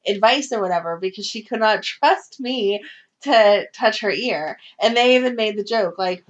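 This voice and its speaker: A woman in her thirties co-hosting a podcast, telling family stories in a casual, animated way with frequent laughs. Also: a little high, moderate pace. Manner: animated storyteller, laughs often. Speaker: podcast co-host. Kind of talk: casual chat. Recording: dull lo-fi audio.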